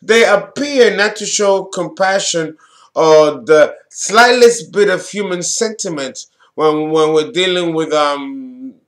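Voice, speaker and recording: Slow, high-voiced man lecturing on astrology. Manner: deliberate, emphatic, blunt with casual swearing. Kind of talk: solo astrology talk.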